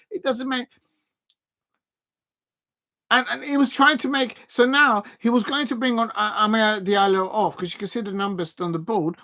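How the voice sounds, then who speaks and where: A man giving live, rambling football watch-along commentary, chatting casually to his viewers and often correcting himself. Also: high voice. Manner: rambling and excitable, with frequent restarts and self-corrections.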